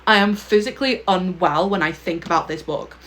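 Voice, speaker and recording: A woman's voice: fairly low pitch, fairly quick, fairly bright tone. A young woman talking casually to camera about her favourite books, gushing and emphatic, often ending a point with a pointed "okay?". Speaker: book vlogger.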